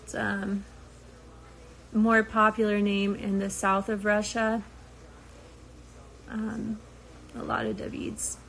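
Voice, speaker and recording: A woman's voice: medium pitch, flat delivery, slow pace, pauses often, fairly bright tone, slight background noise, low-quality recording. A young woman chatting casually with viewers, loose and rambling with frequent ums, sounding tired. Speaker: reality show cast member talking to viewers.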